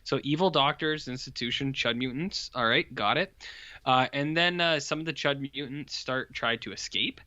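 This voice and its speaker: Male podcast co-host, bright and dry, chatty, rambling delivery. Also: medium pitch, moderate pace, no room sound, dull audio. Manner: rambling, animated retelling with put-on quotes. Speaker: podcast co-host reviewing horror films. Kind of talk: casual chat.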